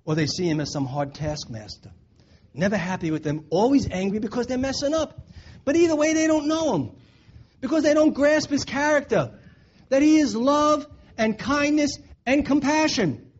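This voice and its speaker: A man's voice: very high voice, moderate pace. A man preaching a sermon in an earnest way, repeating his points for emphasis. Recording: dull lo-fi recording.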